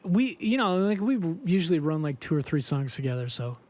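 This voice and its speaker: A fairly high-pitched man talks fairly quickly as he casually tells a story. He's a podcast host and band singer, animated in delivery, voicing the quotes himself and filling his speech with fillers.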